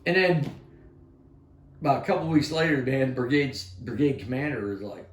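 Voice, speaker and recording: Older male army vet for a podcast chat, swears constantly, mid-pitched voice, recorded in an echoey room. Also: moderate pace. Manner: profane, animated storyteller acting out shouts. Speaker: retired army sergeant major telling war stories. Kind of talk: casual storytelling with heavy swearing.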